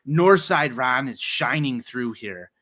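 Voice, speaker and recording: A man's voice: mid-range voice, expressive, slow, pushed and bright. A man co-hosting a sports podcast, ranting passionately and heatedly, swearing freely and restarting his sentences as he goes. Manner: long run-on rants with repeated restarts. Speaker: podcast co-host. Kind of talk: casual sports talk rant.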